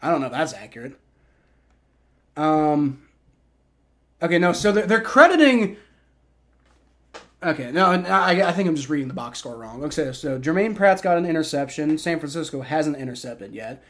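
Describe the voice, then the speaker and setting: A man hosting a live play-by-play reaction stream, excitable and swearing loudly at bad plays while chatting with his viewers. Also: fairly high pitch, normal speed, long pauses. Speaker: livestream host.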